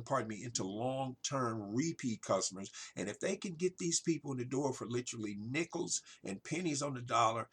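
A man hosting a solo business podcast, pitching marketing ideas in a salesy way and often addressing listeners as "ladies and gentlemen.". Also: husky. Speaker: podcast host, marketing consultant.

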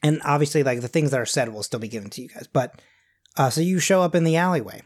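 A man's voice: on the high side, fast. A man narrating as game master of a tabletop game, rambling with many fillers and restarts.

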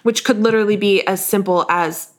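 Candid, halting woman podcaster. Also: medium pitch, fairly even intonation. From northern United States. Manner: confessional, halting with frequent restarts. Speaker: podcast co-host. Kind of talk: candid casual chat.

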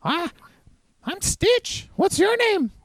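A man voicing a small, excitable blue six-armed creature in a very high, squealing voice. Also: slow pace, exaggerated voice. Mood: excited.

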